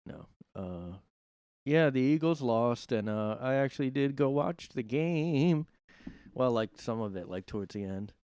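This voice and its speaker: Guy from south jersey rambling into his mic at home, smooth clear voice, lots of uhs and likes, super dry sound. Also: medium pitch, expressive, measured pace, darkish tone, no room sound. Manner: rambling, filler-heavy and jokey. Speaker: podcast host. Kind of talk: casual solo monologue. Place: his own room.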